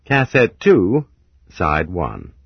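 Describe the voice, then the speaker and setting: Man, tape announcer, husky, very slow, swooping pitch, low voice, dry, dull cassette sound. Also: wildly swooping pitch, no echo. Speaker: audiobook narrator.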